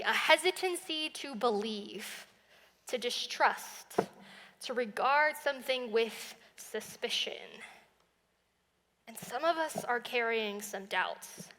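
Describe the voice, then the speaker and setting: Bright-voiced young woman preaching in a hall. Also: on the high side. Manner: conversational, chatty preaching. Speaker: college minister. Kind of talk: sermon. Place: church sanctuary. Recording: long reverb of a church hall.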